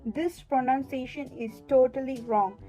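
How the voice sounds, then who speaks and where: Slow, higher-voiced young woman teaching words. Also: dark tone, faint music behind, low-quality recording. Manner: slow, deliberate, repeats words for drilling. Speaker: student presenter. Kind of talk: scripted pronunciation lesson.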